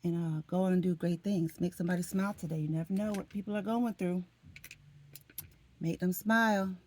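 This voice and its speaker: A woman's voice: lowish voice, steady tone, moderate pace, darkish tone, a little hiss or hum. A middle-aged woman from Florida, chatting to her viewers in an emotional, talkative way and calling them "honey" and "y'all". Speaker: vlogger. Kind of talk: casual chat to camera.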